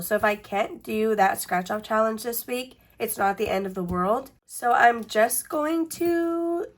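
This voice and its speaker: A woman's voice: on the high side, a bit bright. A woman with a congested, stuffy nose, talking casually as the host of a budgeting vlog. She speaks in a chatty way and often restarts her sentences.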